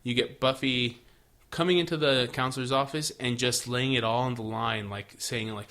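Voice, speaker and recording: Male podcast co-host, bright and punchy tone, loose and profane while recapping. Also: mid-range voice, fairly even intonation, normal speed. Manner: laid-back, swears, acts out characters' lines. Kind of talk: casual recap chat.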